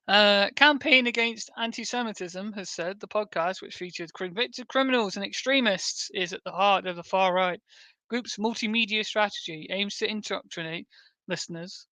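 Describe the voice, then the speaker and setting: Male streamer, crisp bright voice, dry mic, reads text with sarcastic sweary interjections. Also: high-pitched, moderate pace, no room sound. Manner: sarcastic, sweary asides while reading. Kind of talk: reading an article aloud with commentary.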